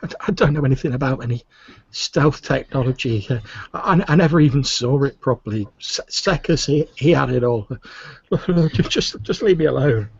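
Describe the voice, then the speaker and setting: A man's voice: mid-range voice, normal speed, creaky, slightly rough, dry recording, muffled recording, pitched above the performer's own voice. A man voicing a terrified, broken male prisoner who stammers and sobs. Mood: pleading. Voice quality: stammering, whimpering. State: sobbing.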